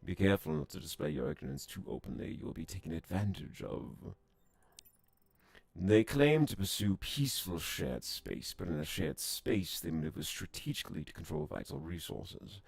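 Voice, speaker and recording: A man voicing a proud, wary alien envoy from a space game, reading its lines in a formal, measured way. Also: sits low, sing-song, gravelly, darkish tone, breathy edge, no echo, exaggerated voice. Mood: stern. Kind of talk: reading game dialogue aloud.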